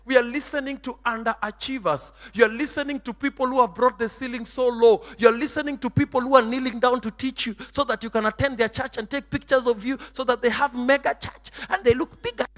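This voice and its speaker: A man preaching a sermon, emphatic and theatrical, dropping into Swahili, shouting and turning sing-song. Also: very high voice, steady tone, fairly quick, hardly any pauses, in a large hall. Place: church hall.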